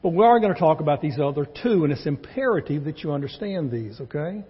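Texan preacher guy teaching a sermon, husky voice, long church reverb. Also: on the high side, lively intonation, quick pace. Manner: conversational teaching, acts out quoted dialogue. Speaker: pastor. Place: church sanctuary. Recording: dull, echoey church recording.

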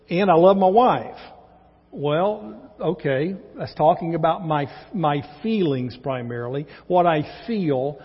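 A man's voice: a little high, breathy edge. A man with a Texan accent, a pastor preaching a conversational teaching sermon in a church. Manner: conversational teaching, acts out quoted dialogue. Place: church sanctuary. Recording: dull, echoey church recording.

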